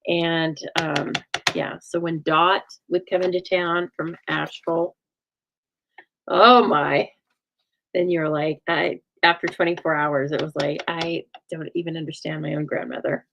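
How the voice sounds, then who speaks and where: A woman's voice: sits low, little pitch movement, moderate pace, creaky, muffled recording, background noise. A woman hosting a live card-making stream, talking in a chatty, folksy way and answering viewer comments as she works. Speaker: craft show host.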